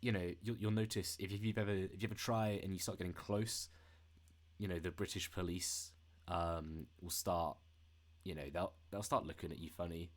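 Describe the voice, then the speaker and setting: A young man co-hosting a comedy podcast, talking in a hesitant, filler-heavy deadpan. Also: sits low, moderate pace. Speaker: podcast co-host. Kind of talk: deadpan comedy conspiracy chat.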